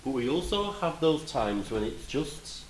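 A man preaching a sermon, animated, moving between loud emphatic lines and quiet, reflective asides. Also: mid-range voice, a little slow, reverberant, slight background noise, low-quality recording.

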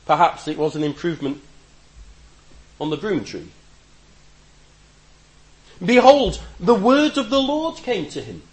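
A man preaching a conversational sermon, reflective with gentle humor and a voice that rises and drops for emphasis. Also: high-pitched, big pitch swings, a little slow, long pauses, echoey room, low-quality recording.

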